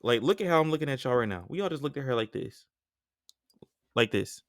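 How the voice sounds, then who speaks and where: Slangy animated young man, podcast host. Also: medium pitch, a little fast, no echo, clean studio sound. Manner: animated, slangy storytelling with frequent asides. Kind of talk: casual podcast monologue.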